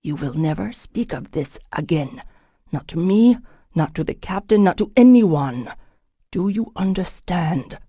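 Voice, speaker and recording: A woman voicing a guarded, intense man who speaks in low, clipped, urgent tones and often drops to a hush, in an audiobook. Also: animated, a little slow, slightly rough, no echo, full character voice. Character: guarded intense man, cold then desperate.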